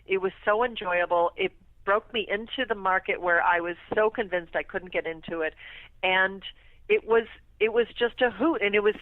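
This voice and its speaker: A woman tells her story as a guest on a radio talk show, animated and quick to laugh. Her voice comes through a tinny, phone-like line with no room sound around it. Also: mid-range voice, no room sound. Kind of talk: casual storytelling interview.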